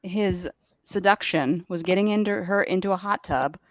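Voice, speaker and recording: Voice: medium pitch, normal speed, no echo, muffled recording. A podcast co-host talking in a casual chat, with a blunt and sarcastic manner.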